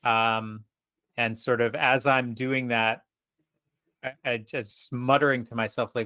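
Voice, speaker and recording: Man, tabletop game player, mid-pitched, profane, animated, first-person narration, dry sound. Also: slow, no echo. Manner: profane, animated, describes his character's actions in first person.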